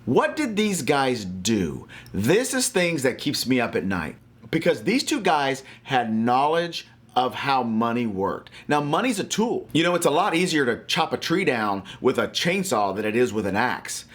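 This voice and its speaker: A man's voice: mid-range voice, very animated, a little slow, a bit bright, husky. A man from Louisiana giving a faith-based finance talk to camera, emphatic and motivational like a preacher.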